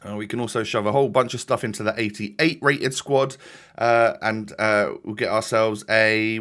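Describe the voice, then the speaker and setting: A man's voice: lowish voice, moderate pace, bright, forceful tone. A young man giving casual, rambling commentary as he plays, often breaking off and restarting his sentences. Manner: rambling, chatty, self-interrupting. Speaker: gaming YouTuber.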